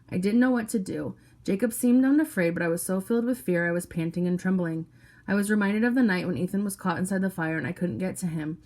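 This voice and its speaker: A woman reading a novel aloud, narrating in the first person with steady, low-key storytelling. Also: fast talker. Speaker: audiobook reader.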